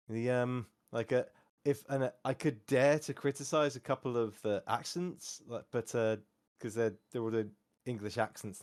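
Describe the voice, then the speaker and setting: A podcast co-host chats casually in a medium-pitched, darkish voice, filling his talk with fillers and restarts.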